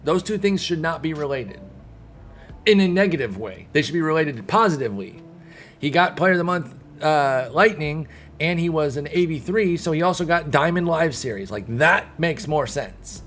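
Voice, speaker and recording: A man's voice: on the high side, expressive, moderate pace, fairly bright tone. A young man streaming, ranting casually to his chat, heated and rambling with many restarts. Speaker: gaming streamer. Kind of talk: casual commentary to live chat.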